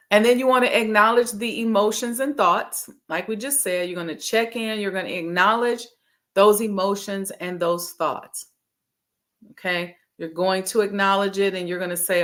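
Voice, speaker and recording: A woman's voice: fairly low pitch, steady tone, normal speed, fairly bright tone. A woman coaching viewers on a live stream. She talks in a casual, direct way and speaks straight to her audience. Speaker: emotional intelligence coach.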